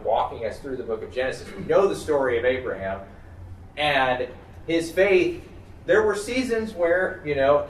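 A man leading a Bible study discussion, thinking aloud with many fillers and restarts as he teaches the group. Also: medium pitch. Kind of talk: conversational teaching. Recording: roomy, distant mic, faint background noise.

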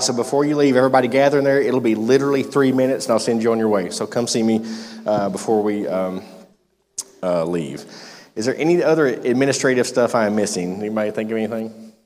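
In a church meeting room, a man with a mid-range, slightly mellow voice leads a youth group, rambling through loose announcements full of fillers before reading a devotional aloud. Long hall reverb surrounds him.

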